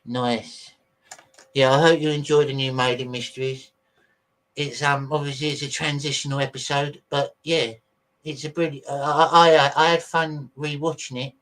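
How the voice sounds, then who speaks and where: A man's voice: medium pitch, level tone, normal speed, fairly bright tone. A man hosting a casual livestream, rambling chattily to his viewers and swearing freely while he sorts out videos on his computer. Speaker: livestream host.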